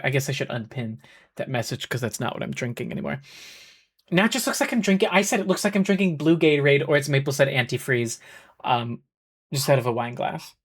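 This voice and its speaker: A woman streaming a game chats in a rambling, giggly way, packing in fillers and exclaiming at what's on screen. Her voice is rumbling low and slightly rough. She uses a headset mic, and faint game music plays behind her.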